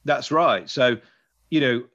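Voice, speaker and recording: A man's voice: medium pitch, slow pace, a bit bright. A British man chatting away as a podcast co-host, enthusiastic and rambling. His voice sits in an ordinary middle range. The recording is slightly dull and lo-fi. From Britain. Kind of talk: casual chat.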